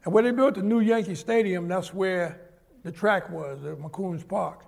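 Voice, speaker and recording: Gravelly high-voiced older New man. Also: a little slow. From New York. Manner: animated storyteller who acts out the people he quotes. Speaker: interviewee. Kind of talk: storytelling interview.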